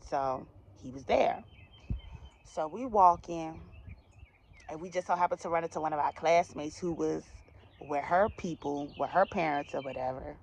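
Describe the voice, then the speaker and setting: A woman's voice: sits low, normal speed, creaky, darkish tone, slight background noise. A young woman from the DMV area telling a personal storytime to her viewers in a chatty, slangy way with laughing asides. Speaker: vlogger. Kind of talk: casual storytime.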